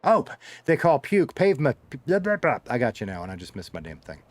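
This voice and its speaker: A man's voice: medium pitch, huge pitch swings, quick pace. A middle-aged man with a Southern US accent, chatting casually with a live audience, joking and rambling through stories while his drawl slides heavier and lighter. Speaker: streamer reading chat.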